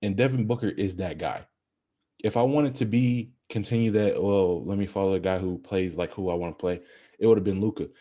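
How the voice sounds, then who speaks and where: A young man co-hosting a podcast, chatting about basketball in a casual, animated, rambling way. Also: low voice, fairly quick. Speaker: podcast co-host. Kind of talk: casual sports chat.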